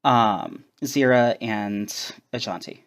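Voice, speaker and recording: Slow, halting game master man. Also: mid-range voice, clean tone. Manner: hesitant, many ums and uhs. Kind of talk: narrating a tabletop game.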